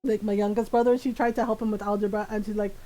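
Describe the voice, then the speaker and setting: A woman streamer telling family stories in casual chat, animated and laughing often. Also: mid-range voice, fast talker.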